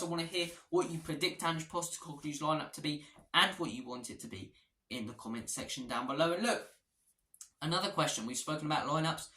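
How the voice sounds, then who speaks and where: A man's voice: medium pitch, bright, forceful tone. A man giving a passionate, opinionated match preview as a football fan vlogger. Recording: echoey room.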